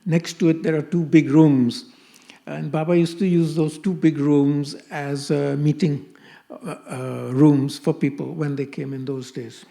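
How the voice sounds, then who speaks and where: A man's voice: a little high, steady tone, a little slow, gravelly, dark tone. An older man from Pakistan telling stories at a spiritual gathering, acting out the dialogue he quotes. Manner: anecdotal, acts out quoted dialogue. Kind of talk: storytelling talk.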